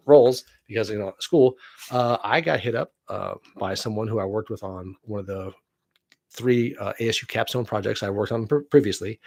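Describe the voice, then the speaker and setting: A man's voice: medium pitch, no echo. A middle-aged man chatting casually on a home live stream, rambling with many fillers and restarts. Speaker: vlogger and actor. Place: home room.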